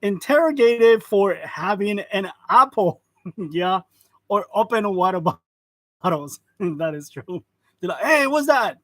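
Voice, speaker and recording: A man in his forties chats casually on a live stream, calling out viewers by name and laughing lightly as he goes. His voice sits fairly high for a man. The sound is dry and close, as from a clip-on mic. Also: slow, a bit bright, no room sound. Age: 40s. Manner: greets viewers by name, chuckles often. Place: print shop. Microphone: wireless lavalier.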